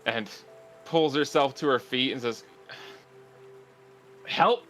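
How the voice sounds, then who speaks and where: A man narrating a tabletop game as game master, relaxed and chatty with many fillers. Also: medium pitch, moderate pace, faint music behind.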